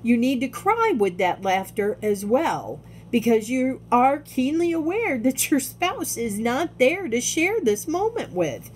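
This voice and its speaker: A woman speaking candidly in a personal video diary, halting often and restarting her sentences. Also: high-pitched, big pitch swings, slight background noise. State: tearful. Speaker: vlogger.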